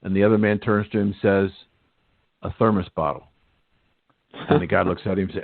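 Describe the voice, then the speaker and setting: A man's voice: fairly low pitch, fairly even intonation, fairly quick, creaky, pauses often, no echo. A male radio host interviewing a guest, polite and a bit hesitant, repeating words and telling a story to set up questions. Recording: tinny phone-like line, dry.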